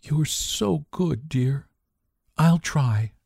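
A man voicing an anxious, genteel young wife who speaks softly and hesitantly. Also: on the high side, big pitch swings, measured pace, dry recording, studio quality, voice pushed up. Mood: soft, relieved. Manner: soft, hesitant, apologetic.

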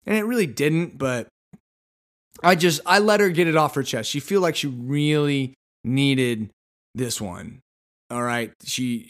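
A man's voice: mid-range voice, a bit bright. A man hosting a podcast, telling a story in a casual monologue with sarcastic, exasperated humor. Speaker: podcast host.

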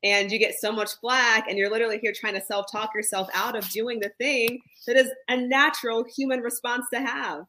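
A woman therapist who is a guest on a podcast, explaining ideas calmly and checking in with "right?". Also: fairly high pitch, brisk, few pauses. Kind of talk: explanatory conversational chat.

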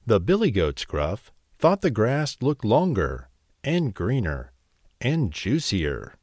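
A man narrating a bedtime story in a slow, expressive, gentle way. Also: lowish voice, dry recording, studio quality.

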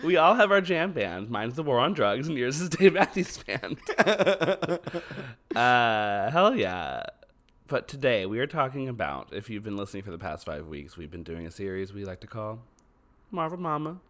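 A man's voice: mid-range voice, very animated, moderate pace, fairly bright tone. A man co-hosting a podcast in casual chat, laid-back and joking, cursing freely. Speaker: podcast co-host.

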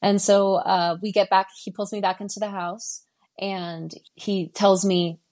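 A woman's voice: mid-range voice, little pitch movement, a little slow, darkish tone. Guest: woman in her twenties from Denver, recounting events in present tense and voicing each line of dialogue. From Denver, Colorado. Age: 20s. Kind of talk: recounting a personal story.

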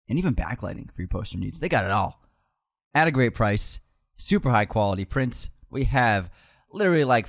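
A man co-hosting a casual movie podcast, reading an ad and chatting, laughing often and poking fun at himself. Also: fairly low pitch. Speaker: podcast co-host. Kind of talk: casual podcast chat and ad read.

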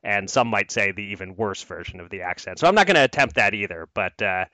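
A man's voice: lowish voice, sing-song, fast talker, bright, forceful tone, dry recording. A man from Philadelphia hosting a casual podcast, chatty with frequent restarts. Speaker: podcast host.

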